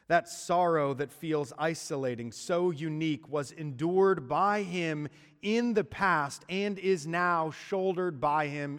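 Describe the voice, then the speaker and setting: A man preaching a sermon, using dramatic pauses and dropping to hushed endings on key words. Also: medium pitch. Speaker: pastor. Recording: long hall reverb.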